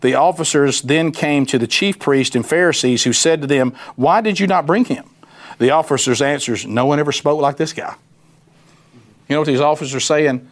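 A man's voice: a little high, steady tone, a little fast. A man teaching a Bible study in a folksy, conversational way, acting out the voices of Bible figures.

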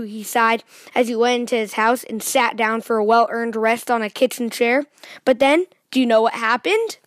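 High-voiced woman reading a storybook aloud. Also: normal speed, no echo. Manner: lively, addresses child listeners with questions.

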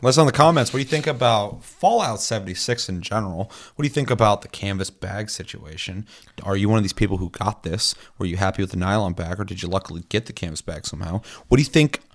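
A man's voice: fairly low pitch, quick pace. A man co-hosting a casual gaming podcast, ranting and swearing often with bursts of laughter. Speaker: podcast co-host.

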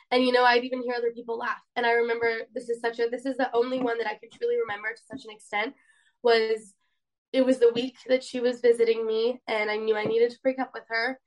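A woman's voice: on the high side, low-quality recording. Earnest young woman telling her story. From Poland. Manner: earnest, rambling, heavy use of "like". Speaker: guest. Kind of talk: candid personal storytelling.

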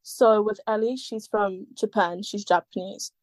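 A woman's voice: mid-range voice, fairly even intonation, a little slow, a little mellow, no room sound. A woman talking as a podcast guest in casual chat, rambling with many fillers and the odd swear word.

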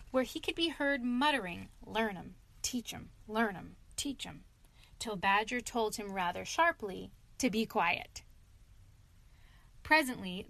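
A woman narrating a classic animal story in a calm, measured reading voice. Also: on the high side.

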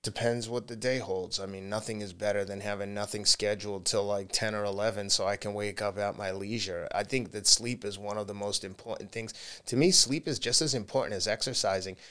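Candid man, low voice. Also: fairly even intonation, brisk, hardly any pauses, pushed and bright, clear, resonant tone. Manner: candid, laughs often, slips into quoted voices. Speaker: podcast guest, marathon runner. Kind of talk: casual interview talk.

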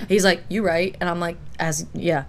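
A woman's voice: fairly low pitch, steady tone, normal speed. A young woman chats casually on a podcast. She tells stories bluntly and swears freely, and she laughs often as she talks. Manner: blunt, profane storytelling with frequent laughs. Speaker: podcast co-host. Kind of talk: casual chat. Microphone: phone.

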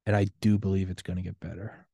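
Low-voiced man ranting defiantly. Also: level tone, fast talker, vocal fry, mellow, no room sound, studio quality. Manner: profane, defiant, impassioned. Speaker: podcast host. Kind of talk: solo podcast rant.

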